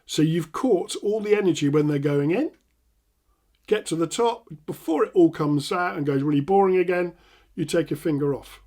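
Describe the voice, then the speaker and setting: Man, English accent, middle-aged, hypnotherapist, instructional, animated demonstrations, slightly high voice. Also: moderate pace. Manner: animated, acts out laughing prompts with loud bursts. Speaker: hypnotherapist teaching NLP.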